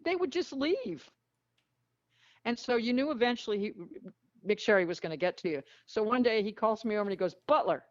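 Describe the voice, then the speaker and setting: A woman guest telling frank, lively stories in a casual interview. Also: a little high, brisk, no room sound. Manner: animated, frank storyteller who acts out quotes. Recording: dull lo-fi dry sound.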